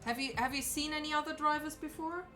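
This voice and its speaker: A woman's voice: high voice, fairly even intonation, quick pace, bright, forceful tone, soft background music. A woman streamer chatting casually while she sews, talking to herself and answering her chat in a playful way.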